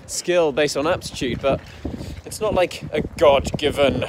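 A slightly high-voiced young man from the English Midlands tells his own backstory in a loose, rambling way. He trips over fillers and lets the anger show with some swearing. Faint outdoor noise sits under the voice. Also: normal speed. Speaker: entrepreneur telling his story. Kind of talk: casual personal storytelling.

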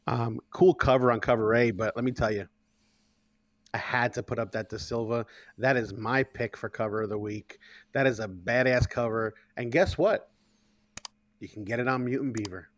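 A man's voice: medium pitch, normal speed, dry recording. A man co-hosting a casual comic book podcast, easygoing, reading release blurbs aloud. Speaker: podcast co-host.

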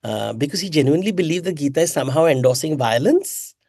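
A man, an author answering interview questions in an animated, emphatic way, with rhetorical questions and frequent self-corrections. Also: a little high, quick pace, vocal fry, no room sound, clean studio sound. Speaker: author and mythologist guest.

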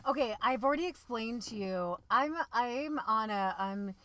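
A young woman co-hosts a casual podcast from inside a car. Her voice is bright and sharp, and she talks bluntly, swearing freely. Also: fairly high pitch, lively intonation, normal speed. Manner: blunt, profane, laughs easily. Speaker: podcast co-host. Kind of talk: casual banter in a parked car.

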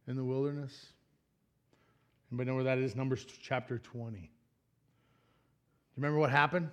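A pastor giving a sermon in a church, throwing out questions to the congregation and acting out the people in the story, swinging from loud emphatic lines down to soft, low asides. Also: male voice. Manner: acts out voices of people in the story.

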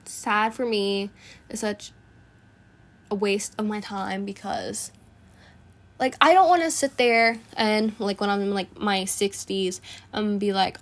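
A woman's voice: mid-range voice, unhurried. Earnest teenage girl podcasting. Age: teens. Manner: earnest and reflective, talks in short bursts. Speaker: podcast host. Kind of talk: casual personal monologue.

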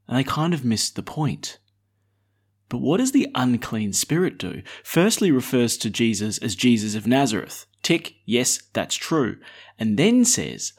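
A man, probably a priest, giving a conversational gospel reflection, full of rhetorical questions and casual asides. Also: medium pitch.

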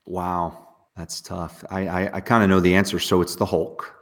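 A man, an entrepreneur guest talking with hyper, fast energy in an interview. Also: deep voice. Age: 40s. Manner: energetic, hyper, talks fast with bursts of excitement. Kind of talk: interview conversation.

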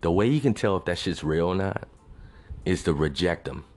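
A man's voice: low-pitched, expressive, moderate pace. A young man from Texas, ranting bluntly and profanely in a casual venting monologue. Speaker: vlogger.

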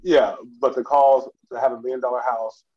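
A man co-hosting a casual podcast chat, reflective and quick to laugh. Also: medium pitch, level tone. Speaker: podcast co-host. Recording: muffled lo-fi mic.

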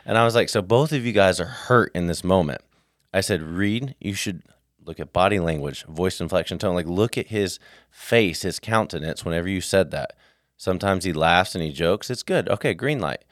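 Podcast co-host, male, low-pitched, tells stories acting out the voices, dry studio mic. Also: normal speed, no echo. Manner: animated storyteller acting out dialogue. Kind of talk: casual chat, storytelling.

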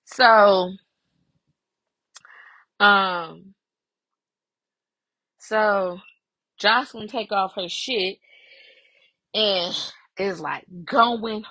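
A woman with a gravelly, husky voice tells the story of a reality show in a loose, cursing chat. She acts out each person's lines as she goes. The sound is close and dry. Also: mid-range voice, extremely slow, long pauses, dry recording, poor audio. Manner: profane, animated retelling with quoted voices. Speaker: podcast host. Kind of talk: casual reality-show recap.

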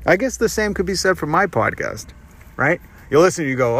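A man in the middle of a solo podcast rant, talking at an ordinary mid pitch. He rambles from point to point, sarcastic and full of swearing. It sounds like an unscripted monologue. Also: very animated, moderate pace, a bit bright. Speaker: podcast host. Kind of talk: ranting monologue.

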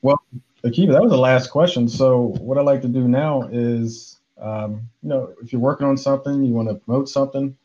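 A man hosting an interview, speaking in a measured way with hesitant "um"s and "you know"s. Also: medium pitch, dark tone. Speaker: podcast host. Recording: dull lo-fi sound.

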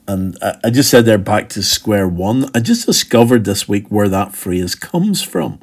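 A man's voice: on the low side, lively intonation, measured pace, few pauses, husky. A man preaching a sermon, walking through a text step by step in a conversational way and sometimes acting out what a speaker might have said. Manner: conversational, explaining step by step and acting out imagined speech.

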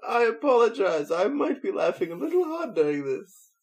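A man playing a tabletop game, playful and quick to laugh and swear. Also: high-pitched, big pitch swings, a little mellow, rough recording. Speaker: player.

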